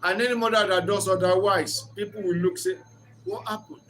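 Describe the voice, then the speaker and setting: Man giving an earnest marriage talk, high bright voice, little room hum behind. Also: steady tone, a little fast. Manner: earnest, storytelling, preacher-like. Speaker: speaker of a reflection channel.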